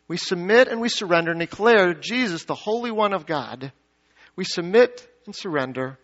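A man preaches a sermon in a church, his voice set high for a man. He throws questions out to the congregation and swings between emphatic peaks and hushed low asides. The recording sounds dull and lo-fi. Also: animated, normal speed. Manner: dynamic preaching, rising to emphatic peaks then dropping low. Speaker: pastor. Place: church sanctuary.

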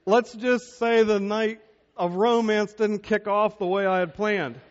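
High-voiced pastor telling a funny story. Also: male voice, unhurried. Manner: humorous storytelling, animated. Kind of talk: sermon. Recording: dull lo-fi sermon recording.

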